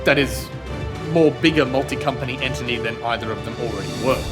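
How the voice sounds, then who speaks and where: A man's voice: medium pitch, fast talker, over loud music. A man co-hosting a comedy show, reading mock news in a mock-serious, playful way.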